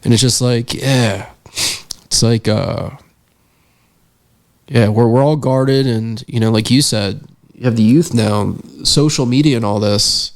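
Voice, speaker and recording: A man's voice: medium pitch, a little slow. A young man, a podcast guest and filmmaker, telling a story in a casual interview, earnest and reflective with many fillers.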